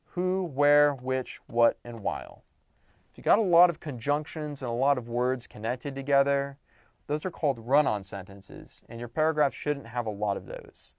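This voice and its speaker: Animated man teaching writing, dry sound. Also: medium pitch, normal speed, no echo. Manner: animated, emphatic, playful asides. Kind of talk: recorded lecture.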